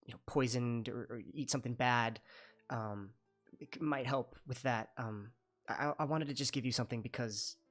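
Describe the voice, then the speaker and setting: A man's voice: medium pitch, normal speed, fairly bright tone, faint music behind, natural voice. A man voicing a shy, hummingbird-like female creature who stammers nervously.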